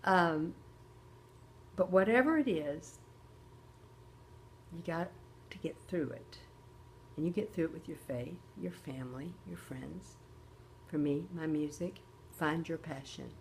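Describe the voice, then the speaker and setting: Chatty older woman with a lowish voice. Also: a little mellow, slight background noise. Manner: chatty, checks in with viewers often. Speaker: host. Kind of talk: casual makeup tutorial talk.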